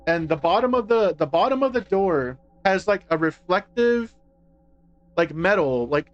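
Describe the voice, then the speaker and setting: A man's voice: sits high, dull audio. A man on a live stream telling a personal story in a rambling, casual way, full of "like" and restarts and some swearing. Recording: faint music behind. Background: faint music.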